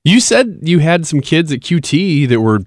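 Brief: man, radio co-host, joking asides, lively pitch, dry close sound. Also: normal speed, dry recording. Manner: wisecracking. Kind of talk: casual studio banter.

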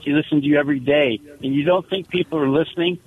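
A man with a gruff voice calling in to a radio show, chatting casually. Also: on the high side, fairly even intonation, fast talker. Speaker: caller. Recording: tinny phone line.

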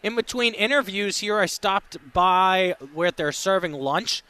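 A man's voice: high voice, unhurried, pushed and bright, clean tone, no room sound. A man hosting a live sports radio show, upbeat and chatty, reading out phone numbers between talk. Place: radio row at a sports event.

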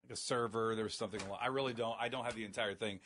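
A man co-hosting a radio show, needling his co-host with dry, deadpan teasing. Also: fairly low pitch, very fast, slight background noise. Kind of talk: casual on-air banter.

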